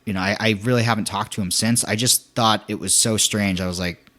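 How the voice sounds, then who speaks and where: A young man telling a story in casual podcast chat, animated, acting out quotes with many restarts. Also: fairly low pitch, a little fast.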